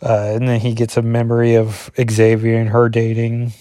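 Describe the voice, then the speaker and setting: Give me a man with a dark, low voice, recorded close and dry, talking through a comic issue in a loose, meandering review. He is a dad who keeps backtracking and correcting himself mid-sentence. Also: completely flat delivery, normal speed, no echo. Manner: rambling, with frequent fillers and self-corrections. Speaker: father. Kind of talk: casual solo review, reading through an issue.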